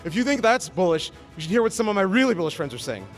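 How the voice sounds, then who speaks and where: On a conference stage with music playing behind him, a male awards host runs a comedic segment, cracking jokes, stammering and reading quotes aloud. His high voice swings widely in pitch and comes out rapid-fire.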